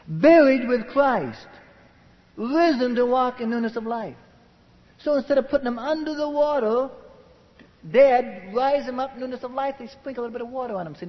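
A man preaching a sermon with passion, swinging between loud emphatic lines and hushed, muttered asides. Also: very high voice, lively intonation, normal speed, long pauses. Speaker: pastor. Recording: dull old recording in a reverberant hall.

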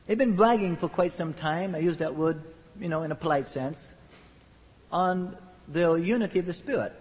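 A man preaching a sermon with passion, swinging between loud emphatic lines and hushed, muttered asides. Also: high-pitched. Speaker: pastor. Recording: dull old recording in a reverberant hall.

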